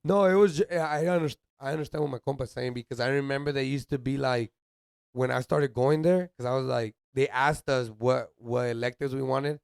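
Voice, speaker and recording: A man's voice: medium pitch, fairly quick, gravelly, clean tone, dry recording, clean studio sound. A young man, co-hosting a casual podcast in laid-back, slangy banter that mixes in Spanish words. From United States. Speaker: podcast co-host. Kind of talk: casual chat.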